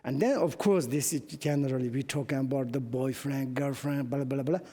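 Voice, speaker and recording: Middle-aged Tibetan teacher in a reverberant hall. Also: male voice, medium pitch, warm tone, slightly rough. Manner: halting non-native English, anecdotal, chuckling. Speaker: Buddhist teacher. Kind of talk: dharma teaching to students.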